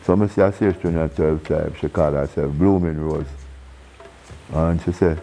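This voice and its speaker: A man with a Jamaican accent, a reggae singer telling stories in a casual interview. He is animated, acting out the voices of people in his stories and laughing often. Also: extremely low pitch, normal speed, a little hiss or hum, rough recording. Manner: animated storyteller who acts out quoted voices and laughs often.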